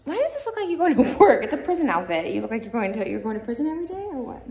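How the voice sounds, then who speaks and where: A woman's voice: on the high side, very animated, rapid-fire, a little mellow. Breathless, giggly woman vlogger, chatty, whispers asides; roomy, distant, noisy sound. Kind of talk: casual vlog chat. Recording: echoey room, distant mic, noisy.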